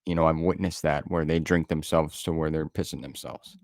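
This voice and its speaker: Deep-voiced man telling a story. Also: little pitch movement, brisk, a little mellow, no echo, studio quality. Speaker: podcast co-host. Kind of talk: casual chat.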